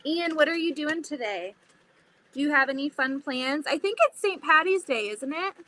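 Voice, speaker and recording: A woman's voice: high-pitched, lively intonation, moderate pace, sharp tone, slight background noise. A woman hosting a casual sewing livestream, chatting to viewers and thinking aloud as she cuts fabric. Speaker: livestream host.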